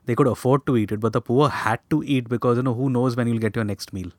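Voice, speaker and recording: A man's voice: medium pitch, fairly even intonation, fast talker, a little mellow, no room sound. Male co-host, conversational, curious questions, dry close sound. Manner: conversational, asks questions, quips. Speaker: podcast co-host. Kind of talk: casual chat.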